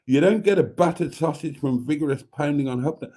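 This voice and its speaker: A man's voice: fairly high pitch, sing-song, moderate pace, creaky, dark tone, breathy edge. A man hosting a live stream, chatting casually and rambling as he reads viewer comments aloud, with mild swearing. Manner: rambling, chatty, self-deprecating, swears mildly.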